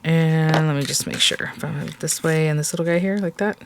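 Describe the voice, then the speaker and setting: A woman's voice: low-pitched, fairly even intonation, a little fast, heavy background noise. A woman hosting a crafting tutorial, chatting casually to viewers as she works and often exclaiming how cute things are. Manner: chatty, gushing, talks to viewers while working. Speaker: craft video host.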